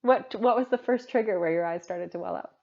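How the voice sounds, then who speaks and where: A woman's voice: mid-range voice, a little fast, a little mellow. A woman co-hosting a podcast in casual, reflective conversation, talking it through with plenty of "like" fillers. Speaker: podcast co-host. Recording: muffled lo-fi recording.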